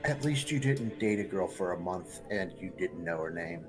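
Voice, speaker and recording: A man's voice: on the low side, very animated, normal speed, creaky, music in the background. A man at a tabletop game table telling a casual anecdote in a dry, understated way. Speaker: player.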